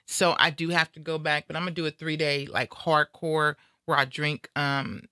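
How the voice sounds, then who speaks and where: Frank fifty-something woman, bright voice. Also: sits low, steady tone, normal speed, no room sound, clean studio sound. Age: 50s. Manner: frank, bawdy, laughing. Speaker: guest co-host. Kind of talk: casual comedic chat.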